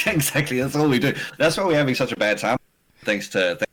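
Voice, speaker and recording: A man's voice: medium pitch, a little fast, poor audio. A man with a South African accent, chatting as a guest and joking often. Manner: animated, self-deprecating, laughs often. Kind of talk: casual chat.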